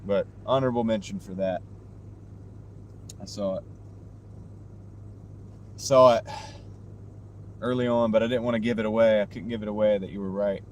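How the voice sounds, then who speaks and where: Driving his delivery route, the streamer talks to his viewers' chat in a fairly low, slightly mellow voice. His tone is steady and his pace moderate with long pauses, picked up by a clip-on mic in the moving car over light background noise.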